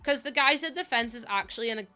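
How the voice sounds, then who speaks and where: Chatty Northern Irish woman, bright voice. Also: fairly high pitch, lively intonation, fast, smooth. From Northern Ireland. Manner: chatty, laughs often, rambling asides. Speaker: game streamer. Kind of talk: casual live-stream chat, greeting viewers.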